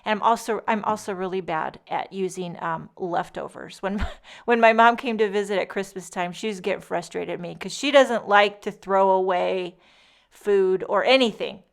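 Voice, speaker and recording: A papercraft tutorial host, a woman with a gravelly mid-range voice at normal speed, narrates her casual card-making lesson chattily, full of joking asides.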